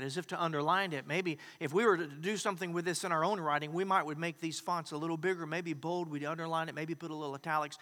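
A man preaching a sermon as a pastor, swinging between emphatic loud declarations and hushed, quiet asides. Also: fairly high pitch, in a large hall.

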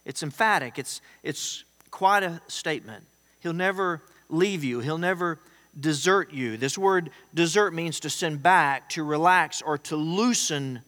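A man's voice: on the high side, a little slow, pushed and bright, big-room sound. A man pastor preaching a conversational sermon, emphatic, with rising exclamations.

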